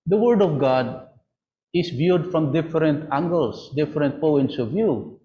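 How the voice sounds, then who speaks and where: A man's voice: fairly high pitch, lively intonation, measured pace. A man, a priest on a panel, explaining in a preaching way and asking rhetorical questions. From Philippines. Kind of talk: answering a question in a panel talk. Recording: dull lo-fi audio.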